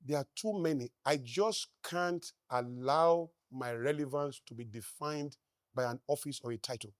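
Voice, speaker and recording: A man with a Nigerian accent giving a live motivational talk, emphatic, firing rhetorical questions at the crowd and swinging between loud declarations and quiet asides. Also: medium pitch, normal speed, dry recording, studio quality. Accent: Nigerian English. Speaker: motivational speaker. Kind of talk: live stage talk to an audience.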